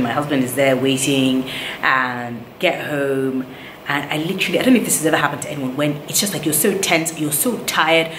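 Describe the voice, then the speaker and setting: A woman from Nigeria shares a story on her vlog in casual, animated talk. Her voice sits a little low and bounces off the walls of an echoey room. A faint hiss sits under her words. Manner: animated retelling, acts out others' lines. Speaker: vlogger, new mother. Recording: roomy echo, faint background noise.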